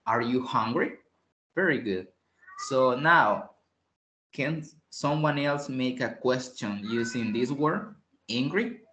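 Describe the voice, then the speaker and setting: A man teaches English slowly and patiently over an online class call. He repeats each phrase and switches between English and Spanish. His mid-pitched voice rings in a roomy, echoey space. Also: fairly bright tone. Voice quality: clears throat often. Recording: roomy echo.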